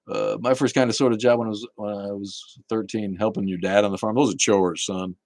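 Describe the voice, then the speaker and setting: Blunt, low-voiced man hosting a livestream. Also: creaky, a little mellow, no echo. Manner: blunt, profane, chatty, laughs often. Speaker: livestream host reading chat. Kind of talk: casual livestream chat.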